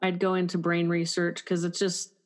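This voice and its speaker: A woman's voice: lowish voice, monotone, moderate pace. A woman hosting an interview, chatty and musing, with a self-deprecating humor. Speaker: interviewer, host. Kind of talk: interview conversation.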